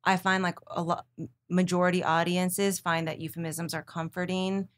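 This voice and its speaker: A woman's voice: fairly low pitch, little pitch movement, moderate pace. A woman who works as a TV news anchor, talking fluently and at length as a guest in a casual interview. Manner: fluent, explains things at length.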